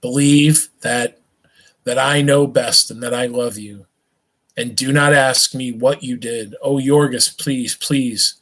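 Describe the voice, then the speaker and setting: A man reads a novel aloud on a live stream in an unhurried way. His voice sits at a middle pitch. He trips over words and restarts, and sometimes stops to make a quick aside to his listeners. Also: steady tone, fairly bright tone, low-quality recording. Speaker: reader.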